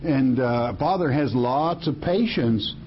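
A man's voice: mid-range voice, slow pace, highs cut off, a little hiss or hum. A man preaching a sermon in a folksy, emphatic way, often repeating words as he restarts a thought.

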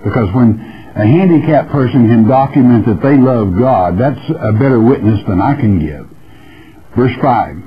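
A man preaching a verse-by-verse sermon, reading scripture slowly and then explaining it in folksy asides. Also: medium pitch. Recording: dull lo-fi radio broadcast.

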